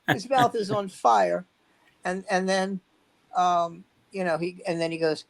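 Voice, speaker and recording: A man's voice: sits high, fairly even intonation, slow pace, creaky, pauses often, rough recording. A man, a veteran stand-up comedian, telling rambling anecdotes in casual chat and acting out the quotes.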